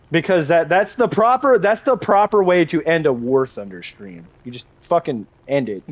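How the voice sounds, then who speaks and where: A young man with a somewhat high-pitched voice chats on a gaming livestream. He rambles, jokes crudely, and talks straight to his viewers, often restarting his sentences. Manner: crude, joking, chats with viewers while playing; rambling with frequent restarts and laughter. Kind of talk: casual gaming livestream chat.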